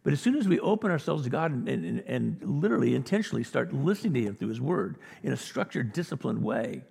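A male pastor delivers a sermon in an earnest, conversational way, lifting into emphatic peaks. His voice is gravelly and a little husky. The sound rings with the long reverb of a large church hall. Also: medium pitch, big pitch swings, quick pace, a little mellow. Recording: reverberant hall, audio recording.

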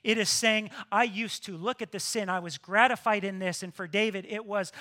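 A male pastor preaching a sermon, lively, swinging between hushed asides and loud emphatic bursts. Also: high-pitched, normal speed, few pauses.

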